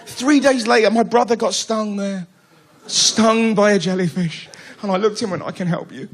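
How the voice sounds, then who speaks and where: A man performing a stand-up routine, telling animated stories and shouting punchlines in a theatre. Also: high-pitched, moderate pace. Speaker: stand-up comedian. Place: theatre stage. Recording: live theatre with loud laughing crowd and noise.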